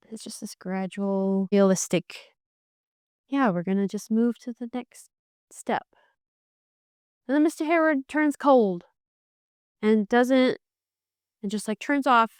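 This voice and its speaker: A young woman chatting casually as she reviews a book, animated and wry, often restarting her sentences. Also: mid-range voice, clear, resonant tone, dry recording, clean studio sound.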